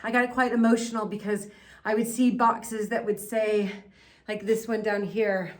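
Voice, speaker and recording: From behind a handheld camera in a house cellar, an American woman records a casual vlog, rambling emotionally and apologizing. She speaks at a medium pitch and normal speed with a flat delivery.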